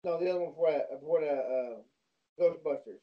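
A man in a casual chat with friends, stumbling over his words and swearing. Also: fairly high pitch. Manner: halting, restarts and swears. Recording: dull lo-fi audio.

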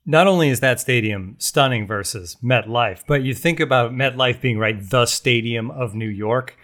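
A man's voice: medium pitch, moderate pace, fairly bright tone. A man hosting a sports podcast, easygoing and conversational as he runs the show. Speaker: podcast host.

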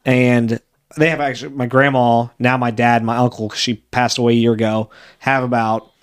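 Male podcast host, mid-pitched voice. Chatty and rambling, with frequent restarts. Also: flat delivery, normal speed, clear, resonant tone. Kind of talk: casual interview conversation.

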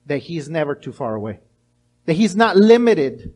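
A middle-aged male pastor preaching a sermon, animated, acting out little voices and restarting his words often. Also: on the high side, moderate pace.

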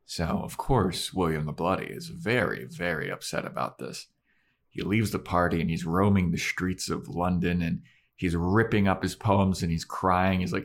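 A man's voice: low voice, moderate pace, vocal fry. A man co-hosting a podcast, casually retelling a TV episode and doing voices. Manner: relaxed storytelling with voiced asides. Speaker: podcast co-host.

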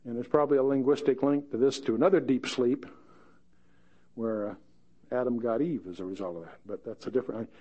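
A man's voice: mid-range voice, steady tone, brisk, warm tone, muffled recording. A man teaching verse by verse through a Bible passage, chatting with joking asides and reading the scripture quotes dramatically.

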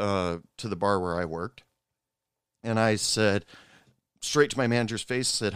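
Smooth low-voiced man telling a rambling story. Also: dry recording, studio quality. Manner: rambling, halting, with frequent asides. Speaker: former bartender telling stories. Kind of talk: casual personal storytelling.

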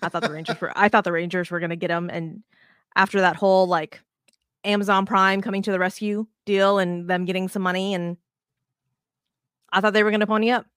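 A woman co-hosting a casual baseball podcast, talking in an animated, rambling way with restarts and plenty of swearing. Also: fairly low pitch, brisk, clear, resonant tone, no room sound, studio quality. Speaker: podcast co-host.

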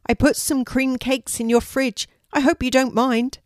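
A woman's voice: sits high, steady tone, unhurried, dry recording, clean studio sound, voice pushed up. A woman voicing a kind grandmother who talks reassuringly to her granddaughter. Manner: warm and reassuring.

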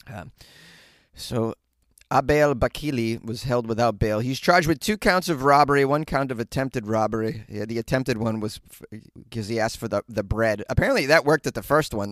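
A man's voice: medium pitch, normal speed, dry recording, clean studio sound. A man hosting a comic news podcast from a closet, wry and mocking as he riffs on stories. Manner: wry, mocking, laughs often. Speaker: comedian podcast host. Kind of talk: casual comic news commentary. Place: small closet.

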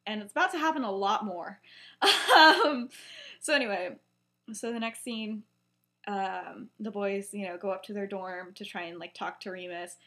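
A woman's voice: mid-range voice, normal speed, bright, forceful tone. A young woman co-hosting a podcast, casually retelling a story with many fillers and acting out the quoted lines. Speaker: podcast co-host.

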